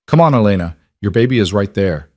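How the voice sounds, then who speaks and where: A man voicing a calm, efficient woman doctor, brisk and encouraging. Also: on the low side, no room sound, clean studio sound.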